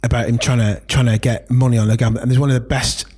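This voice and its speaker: A man's voice: mid-range voice, little pitch movement, fast, darkish tone, breathy edge. A man chatting casually, enthusiastic and rambling with many fillers. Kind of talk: casual chat.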